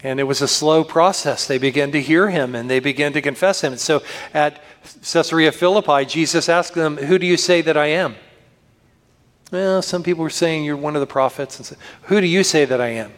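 Male pastor, fairly high voice, earnest sermon delivery, long church reverb. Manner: earnest preaching, slows and lifts for scripture. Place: church sanctuary.

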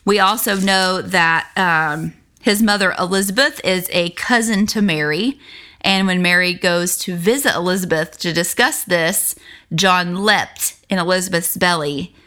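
A woman's voice: on the low side, a little slow, pushed and bright. A woman giving a casual, earnest Bible lesson, reading scripture aloud and talking it over with many fillers and restarts. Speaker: Bible study teacher.

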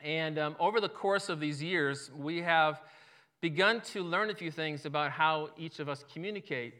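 A man's voice: a little high, moderate pace. A man in his fifties giving a sermon, opening with a joke and telling stories with self-deprecating humor. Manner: relaxed storytelling, self-deprecating humor, chuckles often.

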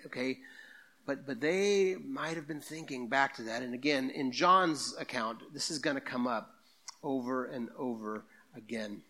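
A man preaching a sermon to his congregation with a bright, forceful tone. His delivery is conversational, with quick asides to the people in the pews. He reads scripture aloud between points. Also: mid-range voice, animated. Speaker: pastor.

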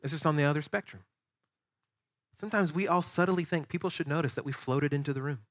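A man, a pastor preaching a sermon to his church, animated and acting out voices of the people he describes. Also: fairly high pitch, fast. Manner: animated, acts out quoted voices. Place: church sanctuary.

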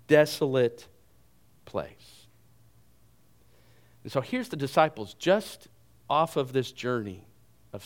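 Man, pastor, sermon, animated storytelling, humorous asides, mid-pitched voice.

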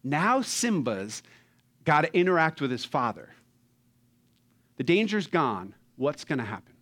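Animated preacher, man. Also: fairly high pitch, unhurried. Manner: animated, acts out movie characters, swings from loud to hushed. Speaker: pastor. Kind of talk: sermon.

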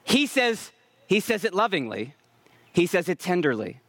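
A man preaching a sermon as pastor, earnest and emphatic, slowing down to stress key lines and calling out to the congregation. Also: high voice, sing-song, no echo. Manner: self-aware about preaching loudly.

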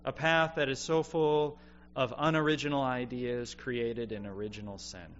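A man delivers a sermon in an earnest, reflective manner, letting his voice sink low and quiet on key points. The recording is a bit dull and lo-fi, with a faint hum underneath. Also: steady tone, moderate pace. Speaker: preacher.

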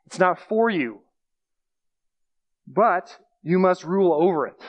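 A man gives a conversational sermon in a relaxed way, walking plainly through scripture, circling back to key phrases and using everyday examples. His voice is pitched a bit high for a man and he takes it slowly. The audio sounds dull.

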